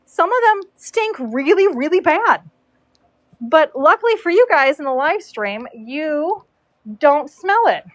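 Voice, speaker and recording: A woman's voice: high voice, very animated, takes it slowly, dry recording. A woman in her forties who braids horses, chatting casually on a livestream, answering viewer comments and cooing to her dog in a horse barn. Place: horse show barn stall.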